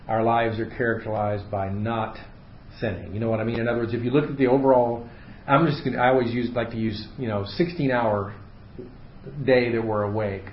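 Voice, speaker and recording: A man leading a casual Bible study, explaining the text in a relaxed, unscripted way full of fillers and restarts, to a small group in a room. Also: medium pitch, slight background noise. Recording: roomy, slightly dull room recording.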